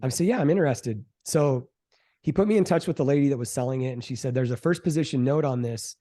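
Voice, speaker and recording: A middle-aged man, a real estate investor, telling the story of his first deal in a casual interview, animated and quick to act out what others said. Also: medium pitch. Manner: animated storyteller, acts out quoted voices, fillers like "um" and "like".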